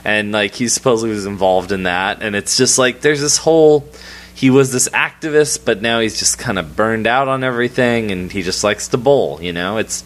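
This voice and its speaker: A man's voice: lowish voice, moderate pace. A man co-hosting a casual podcast, thoughtfully analyzing a film's main character. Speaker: podcast co-host.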